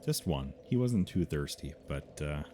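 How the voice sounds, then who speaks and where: A man streaming a video game, chatting casually and reacting out loud with excitement. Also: a bass voice, measured pace, a little hiss or hum. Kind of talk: casual gaming commentary.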